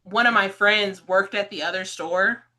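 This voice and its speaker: This is a woman hosting a casual podcast interview, speaking. Her voice is bright and forward. She tells stories with plenty of energy, acting out the voices of people she quotes and laughing easily. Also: mid-range voice, measured pace. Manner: animated storyteller, acts out quoted voices, laughs often. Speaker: podcast host.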